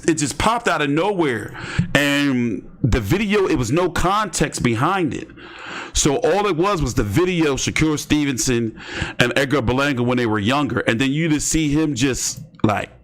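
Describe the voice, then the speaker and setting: A man's voice: on the high side, a bit bright. A man hosting casual boxing commentary, rambling and joking with slang and lots of fillers. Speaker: host.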